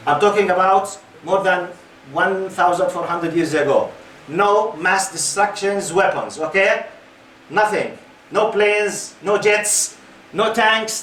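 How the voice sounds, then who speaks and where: A man's voice: high-pitched, a little hiss or hum. Man in his 50s, lecturer; engaging, quizzes the audience; recorded from a distance in a reverberant hall. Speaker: Islamic lecturer. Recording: roomy hall, mic at a distance.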